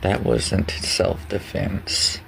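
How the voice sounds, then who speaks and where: A stern man pressing an accusation of murder in a TV drama, his voice low and gravelly. He speaks slowly and evenly, with a blunt, unbending delivery. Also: level tone, a little hiss or hum, full character voice, rough recording. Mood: accusing.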